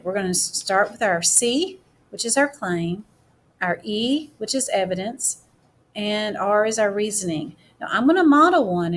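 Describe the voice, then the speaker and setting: A woman teacher giving a classroom writing mini-lesson, speaking slowly and deliberately as she writes each word aloud. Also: mid-range voice, a little hiss or hum.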